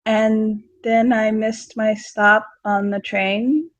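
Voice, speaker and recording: A woman's voice: fairly high pitch, level tone, takes it slowly. A woman voicing a chatty, bouncy little girl who stammers through excuses. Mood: sheepish. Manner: hesitant, rambling excuses.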